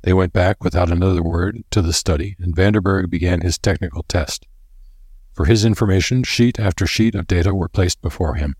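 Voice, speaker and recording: A man narrating a story in a measured, even way. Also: low-pitched, husky, no echo, clean studio sound. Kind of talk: audiobook narration.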